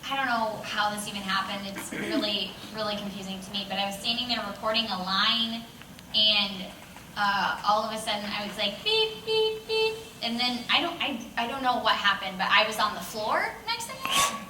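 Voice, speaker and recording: A woman's voice: medium pitch, big pitch swings, moderate pace. A woman voice actor telling a funny story in a casual, self-mocking way, laughing and acting out the quoted voices. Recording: roomy, distant mic with clear room noise.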